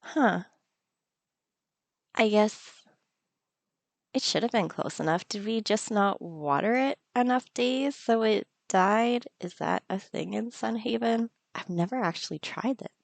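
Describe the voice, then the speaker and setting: Woman, gaming host, playful, giggly commentary, gravelly voice, dry close mic. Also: medium pitch, unhurried, dry recording. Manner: playful, giggly, talks to the game. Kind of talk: casual let's-play commentary.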